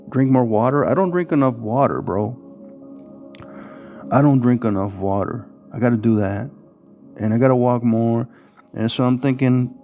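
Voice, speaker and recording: Casting: man, mellow and relaxed, rambling vlogger, soft music under. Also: mid-range voice. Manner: rambling, casual, with many fillers and restarts. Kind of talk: casual talk to camera.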